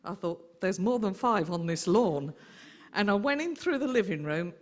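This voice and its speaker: A woman's voice: mid-range voice, moderate pace. Woman telling family stories. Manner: lively anecdotal storyteller. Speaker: aunt giving a memorial tribute. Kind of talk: eulogy storytelling.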